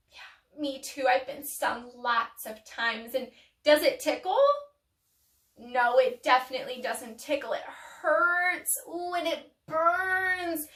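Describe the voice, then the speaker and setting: A woman teacher giving a playful, animated lesson to young children, with dramatic pauses. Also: fairly high pitch. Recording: echoey room, mic far off.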